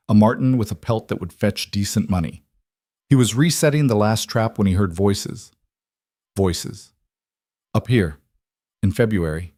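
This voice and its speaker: Low-voiced man narrating a story. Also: warm tone, dry recording, studio quality. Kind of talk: scripted audiobook narration.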